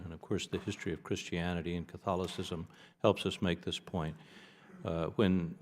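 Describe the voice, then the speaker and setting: A man from the United States testifies before a congressional committee in a fairly low voice. He argues deliberately and with emphasis, sometimes restarting a phrase. His voice carries a long reverb from the large hearing room. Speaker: expert witness.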